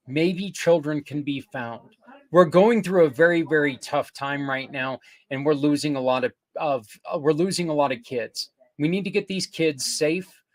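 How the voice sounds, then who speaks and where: Older male podcast host, higher-pitched, earnest and rambling, casual promotional delivery with self-corrections.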